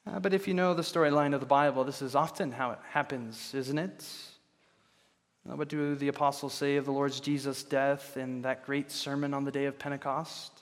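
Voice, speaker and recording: A man's voice: mid-range voice, fairly even intonation. Man preaching in a reverberant church. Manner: measured preaching with rhetorical questions. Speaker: pastor. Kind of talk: sermon. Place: church sanctuary. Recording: long reverb of a large hall.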